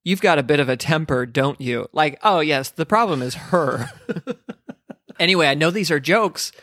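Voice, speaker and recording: A man co-hosting a comedic book podcast, sarcastic and quick to laugh. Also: fairly high pitch, animated, a bit bright, no room sound. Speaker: podcast co-host.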